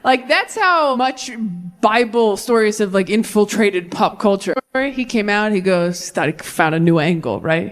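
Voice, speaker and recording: A young woman performing a stand-up comedy set on stage, landing deadpan punchlines and jumping to animated voices when she quotes people. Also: medium pitch, unhurried. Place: comedy stage before a live audience.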